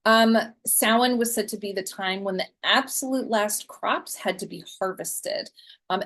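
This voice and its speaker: Forties woman, guest lecturer, middle pitch, casual and talky delivery with plenty of ums. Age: 40s. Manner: chatty, frequent ums and restarts. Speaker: guest speaker. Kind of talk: conversational lecture presentation.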